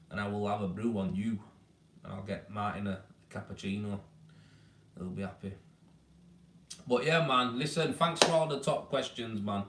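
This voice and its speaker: This Leeds tradesman, with a Yorkshire accent and a mid-range, fairly bright voice, hosts his weekly live Q&A stream from his baby's room. The sound is reverberant, with slight background noise. He's blunt and casual, calling people "mate" as he gives practical advice.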